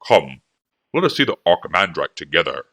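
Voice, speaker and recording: A man voicing a gruff bearded scholar with a low, rumbling voice and a pitch that rises and falls wildly. His speech is blunt and clipped and hearty. The performance has an audiobook storytelling feel. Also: very animated, fairly quick, sharp tone, full character voice. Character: gruff, bearded, lame older male scholar.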